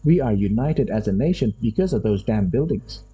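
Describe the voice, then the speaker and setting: A university lecturer from Indonesia talks a class through his point in English. His voice is very husky and deep-toned, with a rather low pitch. He works through ideas aloud, often repeating himself. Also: animated, dark tone, dull audio. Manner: unhurried, thinks aloud, often repeats phrases.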